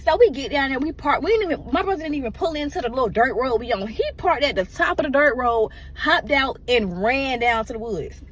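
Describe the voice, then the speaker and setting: A woman's voice: sits high, lively intonation, brisk, few pauses. A woman emotionally telling a personal story in a casual, rambling way and often addressing her listeners directly.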